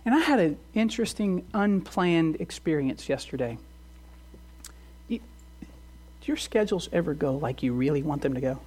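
A woman pastor preaching a sermon, earnest, with quiet emphasis and fervent outbursts. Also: sits low, animated, moderate pace, pauses often, slightly rough.

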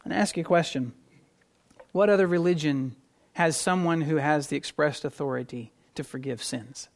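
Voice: mid-range voice, expressive, normal speed. Emphatic preacher delivering a sermon. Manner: emphatic preaching with swings from loud stresses to quiet asides; repeats words when restarting a thought. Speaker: pastor.

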